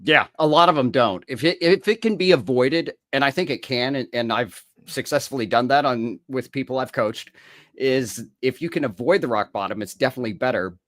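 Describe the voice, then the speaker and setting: A man's voice: mid-range voice, a little fast, fairly bright tone, no echo, studio quality. A man, an author and recovery coach, speaking as a guest in casual interview chat, reflective and often chuckling as he recounts his own stories.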